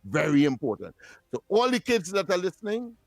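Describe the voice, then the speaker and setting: A man's voice: sits high, huge pitch swings, brisk, creaky, no echo. A man with a Trinidadian accent co-hosting a casual radio talk show, playful and laughing often, repeating himself as he talks.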